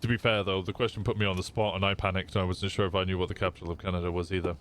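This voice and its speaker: Chatty young Midlands Englishman, lowish voice. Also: flat delivery, racing, a bit bright, slight background noise. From England. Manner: chatty, swearing, stumbling over words. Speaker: streamer. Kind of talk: casual chat with viewers.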